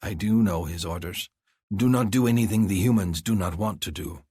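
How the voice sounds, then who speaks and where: A man giving gruff, measured first-person audiobook narration. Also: sits low, warm tone, no room sound, clean studio sound. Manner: gruff, measured, slow deliberate phrasing.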